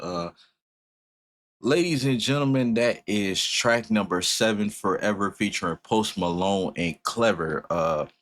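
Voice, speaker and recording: A man hosting a music reaction, talking casually and bluntly with animated swings in his voice and easy swearing. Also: on the low side.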